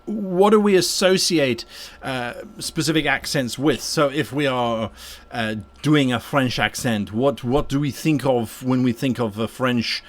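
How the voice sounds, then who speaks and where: A man with a mid-range voice and measured pace hosts a live stream, painting miniatures while he answers viewer questions about game mastering. His talk is casual and rambling, with restarts and repeated words.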